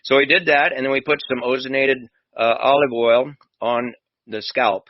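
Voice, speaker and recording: A man, a doctor hosting a talk show, tells a long anecdote in a conversational way and acts out the dialogue as he goes. His voice sits at a middling male pitch. The recording is dry and somewhat dull. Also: steady tone, normal speed, no echo. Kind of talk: chatty anecdotal storytelling.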